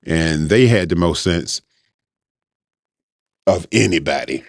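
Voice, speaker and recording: Low-voiced man rambling casually. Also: expressive, slow, dry recording, studio quality. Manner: rambling, conversational, informal speech. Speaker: podcast host. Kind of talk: casual monologue.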